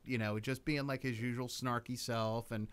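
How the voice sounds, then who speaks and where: A man co-hosts a podcast and talks in blunt, crude banter. His voice is smooth and clear at an average pitch. He comes in quickly with his reactions. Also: steady tone. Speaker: podcast co-host. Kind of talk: casual chat.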